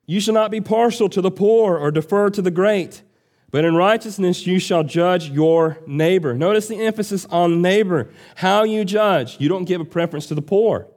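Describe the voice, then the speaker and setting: A man's voice: high voice, moderate pace, a little mellow. A man preaching a sermon, reading scripture aloud and explaining it in an earnest, emphatic way. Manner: earnest, emphatic teaching with rising and falling delivery.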